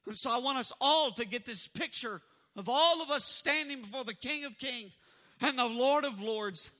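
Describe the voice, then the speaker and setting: A man's voice: very high voice, normal speed, bright, forceful tone. A man pastor preaching a sermon and leading his congregation in call-and-response. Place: church sanctuary.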